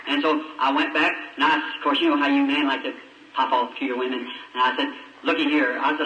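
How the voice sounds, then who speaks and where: A man's voice: little pitch movement, a little fast, pushed and bright. A man, telling a personal story in a folksy, emotional way. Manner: folksy, emotional, acts out voices in a high pitch. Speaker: preacher. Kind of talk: sermon storytelling. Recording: lo-fi old tape from a far mic, echoey church.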